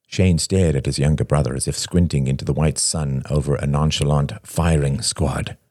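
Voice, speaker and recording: A man narrating a story in a measured way. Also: rumbling low, fairly even intonation, a little mellow, no room sound, studio quality. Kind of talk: audiobook narration.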